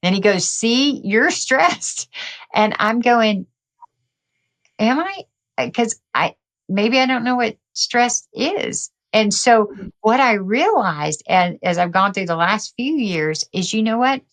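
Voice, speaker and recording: A middle-aged woman telling her story as a podcast guest, energetic and quick to laugh. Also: medium pitch. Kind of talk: casual interview talk.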